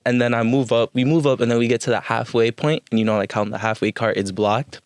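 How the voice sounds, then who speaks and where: A man's voice: mid-range voice, quick pace, smooth, no room sound. Laughing young man telling stories. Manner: animated storyteller who laughs often. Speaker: podcast co-host. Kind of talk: casual chat.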